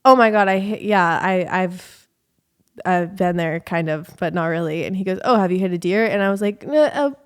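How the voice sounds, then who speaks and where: A young woman from California, telling a rambling story in a casual vlog, animated and full of fillers. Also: lowish voice, moderate pace, smooth. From Southern California. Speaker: vlogger.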